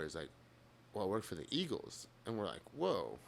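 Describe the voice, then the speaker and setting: A man's voice: lowish voice, moderate pace, vocal fry, a little hiss or hum. A man telling a long road story on a podcast, casual, full of swearing, acting out what people said. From United States. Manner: animated, swears a lot, acts out quotes. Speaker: podcast guest, drummer.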